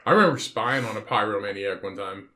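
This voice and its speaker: A man's voice: on the low side, brisk, bright, forceful tone. A young Midwestern man co-hosting a podcast, telling stories in a profane, laughing way. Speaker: podcast co-host. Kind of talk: casual chat, storytelling. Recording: roomy echo.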